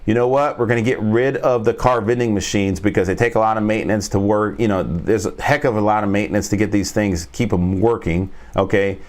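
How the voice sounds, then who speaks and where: A man's voice: on the low side, fairly even intonation, fairly quick, hardly any pauses. A man hosting a casual trading stream, rambling and joking as he talks viewers through stock charts. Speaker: trading coach and stream host. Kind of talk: casual market commentary.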